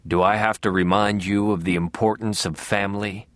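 A man voicing a calm, cold killer brother who speaks low and slow with quiet menace. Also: no echo, natural voice. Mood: menacing.

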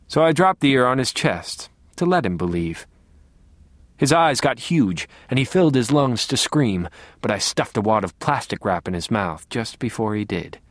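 A man narrating an audiobook in a calm, wry, low-key way, sometimes sinking to a near whisper. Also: no echo.

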